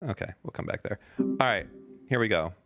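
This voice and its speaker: Sarcastic man with a gravelly voice. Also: lowish voice, animated, brisk, music in the background. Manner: sarcastic, mocking. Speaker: podcast host reading tweets. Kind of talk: casual reaction chat.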